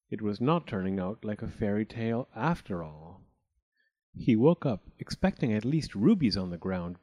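Man reading a storybook aloud, animated. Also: medium pitch. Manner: expressive, with many character voices. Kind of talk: storybook read-aloud narration.

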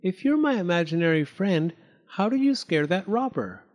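A man voicing an imaginative, bossy young girl in a storybook reading, lifting his pitch to sound girlish. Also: sing-song, normal speed, a little mellow, long reverb tail. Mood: curious.

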